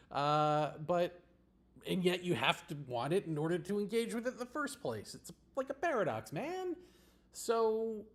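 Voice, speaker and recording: A man hosting a livestream, talking in a rambling, blunt monologue with swearing and laughs. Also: fairly high pitch. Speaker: livestream host. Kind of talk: casual political monologue.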